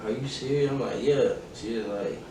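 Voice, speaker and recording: A man's voice: medium pitch, normal speed. A young adult man telling a personal story in casual, profanity-heavy podcast chat, acting out the dialogue as he goes. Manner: profane, emphatic, recounting events with quoted dialogue. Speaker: podcast host. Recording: very echoey room, distant mic, faint noise.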